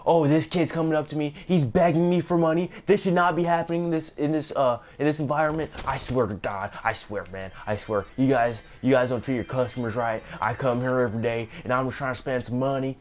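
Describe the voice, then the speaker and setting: Brief: frantic, out-of-breath angry shopper, put on by a male storyteller, pitched high and yelling. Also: fairly even intonation, brisk, hardly any pauses, lightly acted. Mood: outraged. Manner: shouting, frantic complaining.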